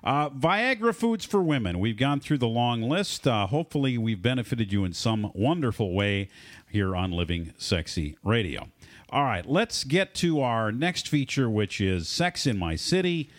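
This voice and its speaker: A man's voice: mid-range voice, big pitch swings, normal speed. A man hosting a casual radio talk show, leading the chat and introducing segments.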